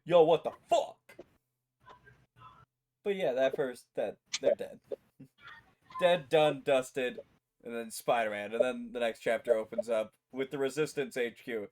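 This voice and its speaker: Male co-host, mid-pitch, animated storyteller, casual and profane. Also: measured pace, pauses often. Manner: animated retelling with acted-out quotes and swearing. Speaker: podcast co-host. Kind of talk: casual chat.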